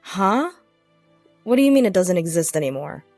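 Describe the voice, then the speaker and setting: A man's voice: high-pitched, big pitch swings, normal speed, a little mellow, dry recording, faint music behind. A woman voicing a panicked, pleading runaway husband in a story narration. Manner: bewildered, pleading.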